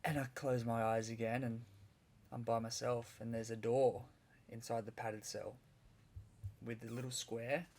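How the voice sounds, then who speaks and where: Gravelly-voiced man telling a story. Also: medium pitch, level tone, a little slow, darkish tone. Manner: rambling, vivid retelling with restarts. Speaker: podcast guest. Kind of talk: storytelling in casual conversation.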